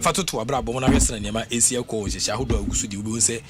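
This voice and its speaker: A Ghanaian man talking casually on the radio as host, animated and repetitive, with many fillers. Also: mid-range voice, rapid-fire, over loud music. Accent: Ghanaian English. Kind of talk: casual radio talk mixing English and Twi.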